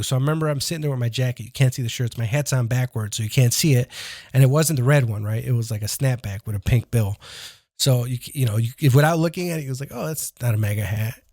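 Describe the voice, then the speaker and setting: A man talks at a rapid clip in a dry, close-miked podcast studio. He is a comedian guest spinning a rambling, profane story and voicing his own past lines along the way. His pitch sits in an ordinary middle range. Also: darkish tone, dry recording. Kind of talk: casual podcast chat.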